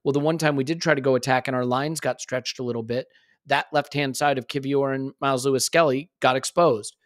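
A man's voice: medium pitch, steady tone, fairly quick, dry recording, studio quality. A man hosting a football podcast, giving worked-up opinions in casual chat. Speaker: podcast host.

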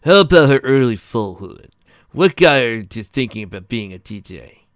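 A man voicing a charming male pony who poses as a reporter, speaking loudly and eagerly in a read-aloud pony story. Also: medium pitch, very animated, normal speed, clean tone, no echo, clean studio sound, close to an everyday voice. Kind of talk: fan fiction read aloud.

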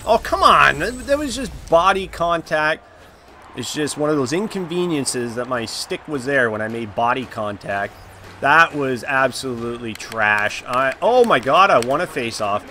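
A man's voice: medium pitch, expressive, moderate pace, pushed and bright, a little hiss or hum. A man giving live commentary on his own video game, groaning and exclaiming as the plays go for and against him. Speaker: gaming YouTuber.

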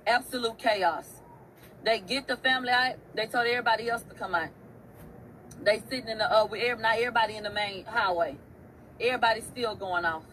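A woman's voice: on the high side, a little fast, fairly bright tone, slight background noise, poor audio. A woman hosting an online show, telling a story in a casual, emphatic rant. She swears often and repeats phrases for effect.

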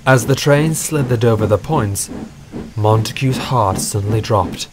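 A man narrating a scripted storybook in a steady, earnest way. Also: lowish voice, unhurried, background noise.

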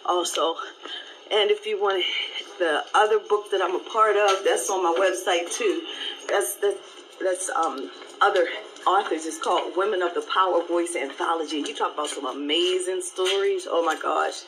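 A woman pastor giving an animated, live-streamed devotional talk, repeating her phrases and laughing often. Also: on the low side, normal speed, slight background noise, rough recording.

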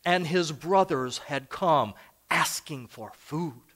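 Here an older pastor talks slowly, his voice on the high side with a fairly bright tone. The sermon unfolds as conversational, anecdotal storytelling drawn from his own life.

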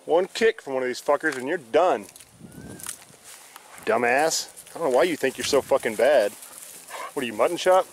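A man's voice: mid-range voice, expressive, normal speed, pauses often, slight background noise. A man ranting bluntly and profanely in a casual vlog, recorded outdoors in a rural yard. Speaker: vlogger.

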